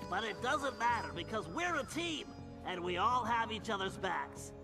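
A man's voice: sits high, lively intonation, normal speed, vocal fry, recorded from a distance, music in the background. An actor voicing a brainy male turtle in a video game, speaking earnestly and reassuringly.

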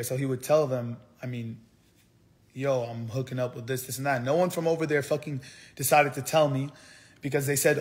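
Young man, livestream storytime, angry rant, frequent swearing, somewhat high pitch. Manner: heated, swearing, repeats himself. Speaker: streamer.

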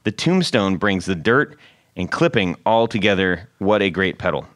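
Low-voiced jokey male podcast host. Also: expressive, normal speed, fairly bright tone, dry recording. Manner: jokey, rambling, laughs often. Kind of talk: casual podcast chat.

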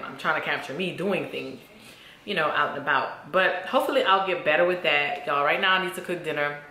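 A woman's voice: deep voice, sharp tone, roomy sound. A woman vlogging casually to camera at home, candid and chatty. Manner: chatty, candid, says y'all a lot. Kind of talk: casual vlog chat to camera.

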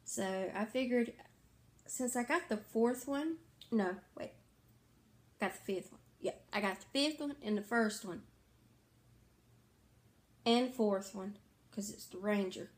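A woman's voice: medium pitch, slow, pauses often. A tired woman chatting casually about her reading to her viewers, rambling and correcting herself as she goes. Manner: rambling, self-correcting, filler-heavy. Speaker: book vlogger. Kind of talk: casual book chat to camera.

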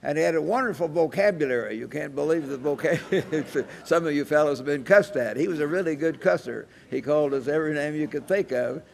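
A man's voice: on the high side, fast talker, vocal fry, hardly any pauses. A man in his eighties preaching a sermon, telling folksy anecdotes with chuckles. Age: 80s. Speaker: church evangelist preaching. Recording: reverberant hall sound.

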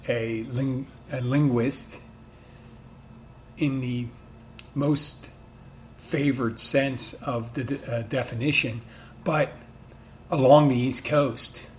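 A man's voice: medium pitch, fairly bright tone, a little hiss or hum. A man with a mid-Atlantic accent tinged with Philadelphia, hosting a bartending podcast and telling a rambling, conversational story with self-correcting asides. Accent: mid-Atlantic with a light Philadelphia touch. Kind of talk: casual solo storytelling.

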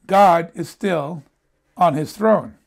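Older man preaching, gravelly voice. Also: a little high, takes it slowly. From United States. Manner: conversational storytelling, repeats words when he stumbles. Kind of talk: sermon.

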